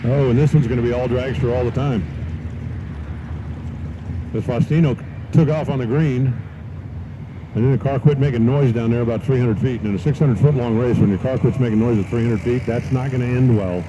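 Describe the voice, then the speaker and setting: A man's voice: mid-range voice, fairly quick, long pauses. A man doing live commentary as announcer at a drag race, mixing race calls with folksy joking asides. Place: outdoor dragstrip. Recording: dull live-stream audio with loud track noise.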